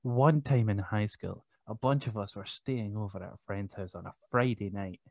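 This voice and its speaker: A man co-hosting a casual podcast, joking and laughing a lot, reading listener stories in a put-on low voice. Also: moderate pace, creaky, darkish tone, dry recording. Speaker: podcast co-host. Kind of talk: casual chat and story reading.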